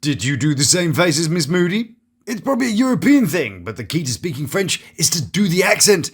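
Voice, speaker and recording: Here a reviewer of reality TV from Britain talks at a moderate pace in a slightly rough, very animated voice that is a little high. His British English commentary is scripted, sarcastic and jokey, with mock-theatrical asides thrown in.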